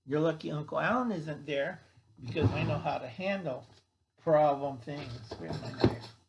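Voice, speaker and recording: Folksy male host with a blunt rant, slightly high voice. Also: moderate pace, noisy background. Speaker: channel host. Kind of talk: rambling monologue.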